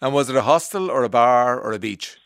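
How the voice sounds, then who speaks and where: A man's voice: mid-range voice, expressive, a little fast, a bit bright, clear, resonant tone, no room sound. An Irish man hosting a radio show in a studio, chatting with callers in a teasing way and often restarting his sentences. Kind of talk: casual radio chat. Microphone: studio microphone.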